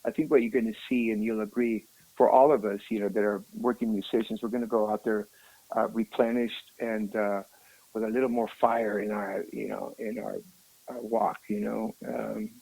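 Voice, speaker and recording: A rock musician telling a story in a casual interview, animated and emotional, often calling the listener "man". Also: lowish voice, moderate pace, creaky, breathy edge, low-quality recording.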